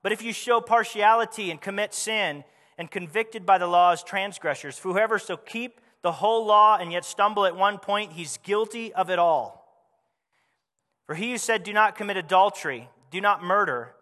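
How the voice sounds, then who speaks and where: A pastor delivers a sermon at normal speed in a high, bright voice with a tense edge. He speaks conversationally to the congregation, tossing out rhetorical questions. His words trail off in a long reverb, like in a large hall.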